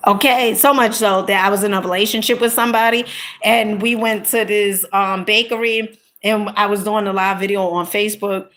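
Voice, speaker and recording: A woman content creator telling a personal story in a casual, animated monologue, punctuating it with emphatic asides. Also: medium pitch, normal speed. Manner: animated, emphatic, peppered with "honey" and "okay?".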